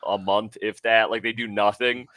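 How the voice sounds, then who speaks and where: A man in casual stream chat, animated and opinionated, laughing between points. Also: on the low side, moderate pace, clean tone, no room sound. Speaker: co-host.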